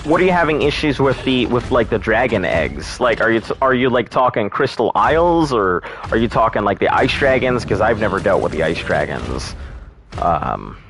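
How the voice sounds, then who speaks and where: A man's voice: fairly low pitch, sing-song, normal speed, a bit bright, faint music behind. A man streaming a game live, chatting casually with viewers, joking and swearing freely. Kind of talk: casual live-stream chat while gaming.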